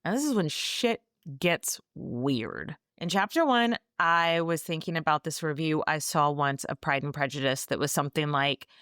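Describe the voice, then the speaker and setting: A woman's voice: low voice, animated, moderate pace, few pauses, a bit bright, smooth, no room sound, clean studio sound. A woman podcast host giving a casual, sarcastic and profane recap of a book.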